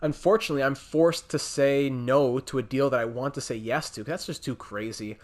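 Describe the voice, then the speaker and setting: Young male gaming host, casual running commentary, mid-pitched, thinks aloud. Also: moderate pace, hardly any pauses. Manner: thinks aloud, chatty, restarts and talks to teams. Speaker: gaming YouTuber.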